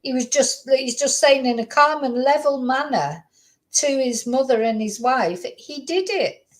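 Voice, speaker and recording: Animated woman host, high voice. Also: unhurried, poor audio. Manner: animated, incredulous, repeats herself. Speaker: true crime channel host. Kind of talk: reacting to played clips, casual commentary.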